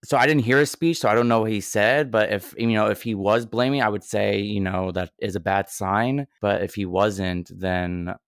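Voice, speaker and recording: A male podcast co-host talks in casual, hesitant chat. His voice is low, smooth and clean. It is recorded dry and close. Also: normal speed, few pauses, no echo. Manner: hesitant, laughing easily.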